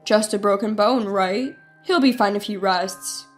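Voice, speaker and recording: A woman's voice: mid-range voice, a little slow, soft background music, pitched below the performer's own voice, natural voice. A woman voicing a cold, dismissive husband who talks in blunt, irritated snaps.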